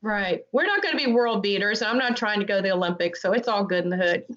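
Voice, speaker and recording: Speaking fast in an animated, fairly bright mid-range voice, this woman is a guest on a casual podcast. The North Carolina amateur dressage rider talks earnestly and at length, chatty and frequently restarting, in dull lo-fi recording quality.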